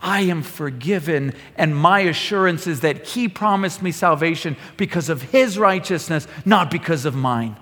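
A man preaching a sermon as pastor, building to loud, impassioned bursts when reading scripture. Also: on the high side, moderate pace, hardly any pauses. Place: church sanctuary. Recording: long reverb of a sanctuary.

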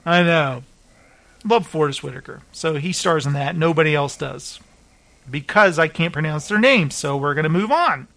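High, bright-voiced joking man. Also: expressive, normal speed, gravelly, a little hiss or hum. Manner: jokey, stumbles over names. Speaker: host. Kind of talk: casual chat reading film listings.

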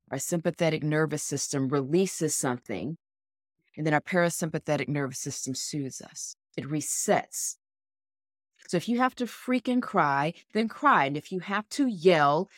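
A woman's voice: deep voice, no echo, studio quality. Earnest encouraging woman podcaster. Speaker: podcast co-host. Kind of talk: motivational casual chat.

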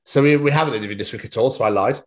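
A young man, co-hosting a podcast and chatting casually, an excitable storyteller who swears freely. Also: mid-range voice, very fast. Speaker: podcast co-host. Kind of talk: casual chat.

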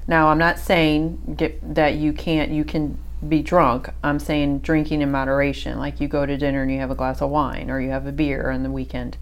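A woman's voice: deep voice, level tone, normal speed, few pauses. A middle-aged woman co-hosting a faith podcast, chatting casually with lots of fillers and restarts. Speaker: podcast co-host.

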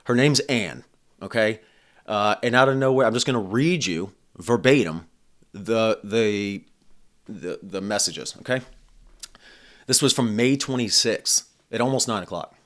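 A man's voice: lowish voice, a little slow, fairly bright tone. A man hosting his own podcast, talking in a blunt, profane, rambling casual monologue. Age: adult. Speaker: podcast host.

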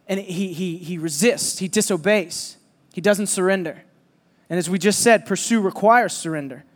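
A man preaching a sermon, telling a lively personal story and teasing his listeners. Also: high voice, moderate pace, big-room sound. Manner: animated, joking storyteller who teases the audience.

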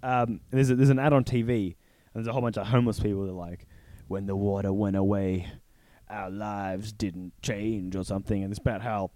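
A man's voice: lowish voice, level tone, brisk, mellow, no room sound. Man joking on a podcast. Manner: joking, acts out scenes in silly voices. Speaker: podcast co-host. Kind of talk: casual chat recapping a TV episode.

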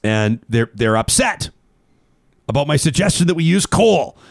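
Animated, jokey talk show host man. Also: a little high, normal speed, no room sound. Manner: animated, jokey, laughs often. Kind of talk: casual talk radio chat.

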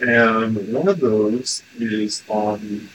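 A man chats casually and asks his questions bluntly, dropping crude words. He speaks at a slow pace, and the recording carries steady background hiss. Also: lowish voice. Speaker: session guest asking questions. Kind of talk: casual chat.

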